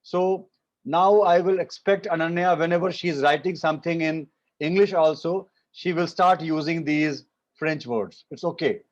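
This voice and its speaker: A man with an Indian accent teaching French in an online class, repeating each phrase slowly and mixing English with Hindi. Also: a little high. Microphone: video call. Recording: muffled video call audio.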